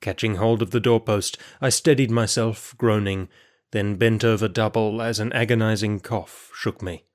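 Brief: male audiobook narrator, lowish pitch, measured first-person storytelling. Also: fairly even intonation.

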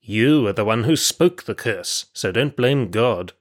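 Brief: male narrator doing a gruff, impatient guard in an audiobook; forceful, curt, low. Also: normal speed, natural voice. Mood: harsh. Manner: snapping, barking orders.

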